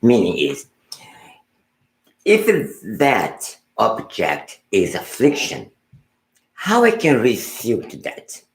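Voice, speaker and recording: Deep gravelly Buddhist teacher, slow. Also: male voice, huge pitch swings, reverberant, poor audio. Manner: unhurried, halting, repeats words and restarts phrases. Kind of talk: meditation teaching talk.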